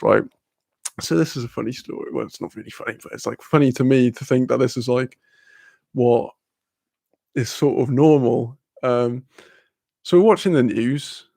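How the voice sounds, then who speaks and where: A man's voice: mid-range voice, creaky, darkish tone, no echo. A young man chatting casually on a livestream, rambling and swearing freely. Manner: rambling, swearing, laughing often. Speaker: streamer.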